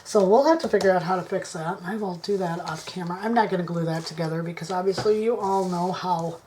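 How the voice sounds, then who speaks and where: A woman's voice: lowish voice, fast, slight background noise. Woman musing aloud while crafting. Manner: musing to herself, indecisive, soft mutters. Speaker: craft vlogger. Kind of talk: casual crafting chat to camera. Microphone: camera on tripod.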